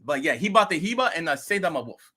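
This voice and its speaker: A man hosting a crypto vlog, telling a rambling, animated story in casual talk. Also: fairly high pitch, fast talker, husky. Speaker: crypto video host.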